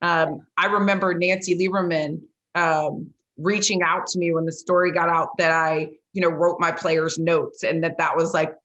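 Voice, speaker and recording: A woman hosts a sports podcast in a casual, chatty way. Her voice sits a little low. She spins her stories loosely, leaning on "like" and "you know" as she goes. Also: normal speed, hardly any pauses, muffled recording. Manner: lively storyteller, many "like" and "you know" fillers. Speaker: podcast host and former football coach. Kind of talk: casual interview chat.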